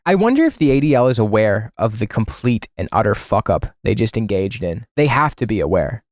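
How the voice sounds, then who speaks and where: A man's voice: medium pitch, darkish tone, no echo, clean studio sound. A man streaming casual political commentary, sarcastic and profane, with bursts of mock outrage. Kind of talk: casual political commentary, reacting to material on screen.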